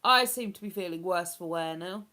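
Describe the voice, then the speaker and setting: A woman's voice: lowish voice, moderate pace, sharp tone. A woman with a chatty, rambling manner, hosting a casual live stream and reading out viewer comments. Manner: chatty, rambling, with many fillers.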